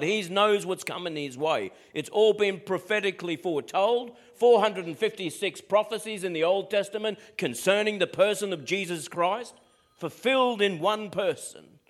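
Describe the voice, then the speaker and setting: Man, pastor, high lively voice, sermon, rhetorical questions. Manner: animated preaching with rhetorical questions to the congregation.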